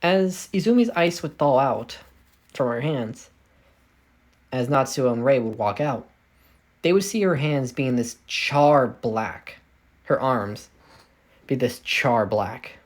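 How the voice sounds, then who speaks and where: A man's voice: mid-range voice, lively intonation, takes it slowly, long pauses. A man narrating his own fan story casually, rambling and correcting himself often. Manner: rambling, self-correcting, many fillers. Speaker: fanfic storyteller.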